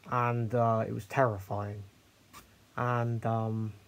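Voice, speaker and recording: A young man tells his own story in a candid, halting monologue. His voice is gravelly and fry-heavy at a middling pitch, and he stops often for fillers and the odd swear word. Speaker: host sharing his story.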